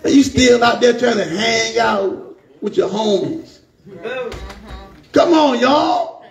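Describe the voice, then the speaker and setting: Fervent high-voiced preacher with gravelly edge. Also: male voice, fairly even intonation, unhurried, reverberant. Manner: fervent, calls out to the congregation. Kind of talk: sermon.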